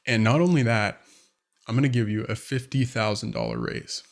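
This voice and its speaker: A man voicing his boss, brisk and approving. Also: medium pitch, huge pitch swings, creaky. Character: upbeat male boss handing out a promotion.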